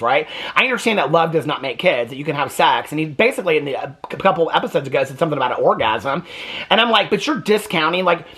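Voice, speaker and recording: A TV recap commentator with a fairly high, fairly bright, slightly rough voice chats casually about a reality TV episode. His tone is exasperated and gossipy, and he often does impressions of the people he's discussing.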